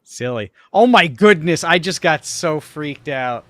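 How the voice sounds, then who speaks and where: A woman's voice: low-pitched, animated, a little slow, fairly bright tone, no room sound, studio quality. A woman hosting a casual podcast, recapping clips in a chatty, giggly way with lots of fillers. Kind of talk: casual chat.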